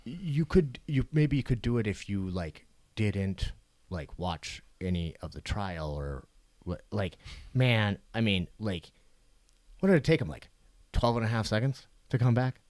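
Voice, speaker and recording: Deep-voiced podcast co-host, rambling. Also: male voice, animated, measured pace, a little mellow, no room sound. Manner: rambling, profane, many fillers and restarts. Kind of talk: casual chat.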